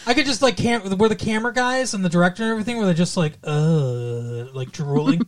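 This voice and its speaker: A man's voice: high voice, racing. A man co-hosting a podcast in casual chat about a TV show, rambling and often trailing off and restarting mid-thought. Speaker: podcast co-host.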